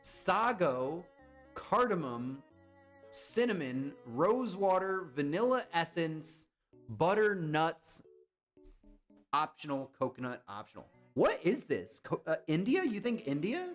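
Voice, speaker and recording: Talking to his stream chat in a relaxed, chatty manner, a young man floats guesses and answers viewers along the way. He speaks slowly in a high, sing-song voice with big pitch swings, over faint background music.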